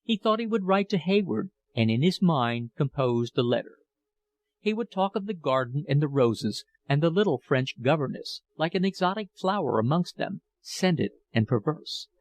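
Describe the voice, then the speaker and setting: A man narrating a novel as an audiobook in a measured, expressive reading. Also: fairly high pitch, dry recording.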